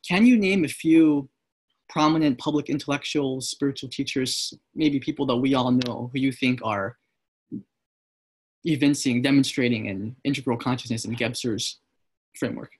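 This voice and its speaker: A man with a mid-pitched, slightly husky voice moderates a casual group discussion. He is inquisitive and lays out long, detailed questions. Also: moderate pace.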